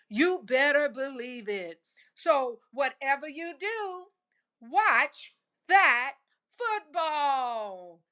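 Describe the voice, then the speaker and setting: A woman's voice: sits high, a bit bright. A woman hosting her own football podcast, cheering with exuberant, emphatic repetition and churchy exclamations. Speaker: podcast host. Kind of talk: enthusiastic solo sports podcast.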